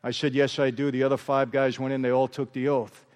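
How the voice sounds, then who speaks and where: A man's voice: mid-range voice, flat delivery, a little fast, darkish tone. A middle-aged man giving an emphatic testimony sermon, calling out to the audience as he tells his story. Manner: emphatic, repeatedly addresses the audience as "people". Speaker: guest speaker. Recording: long hall reverb.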